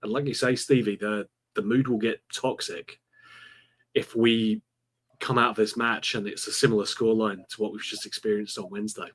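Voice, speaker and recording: A man's voice: fairly low pitch, fairly even intonation, moderate pace, a bit bright, slightly rough. A man co-hosting a football podcast, talking earnestly and with strong opinions. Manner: earnest, opinionated, frustrated about the manager. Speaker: podcast co-host. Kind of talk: casual football podcast chat.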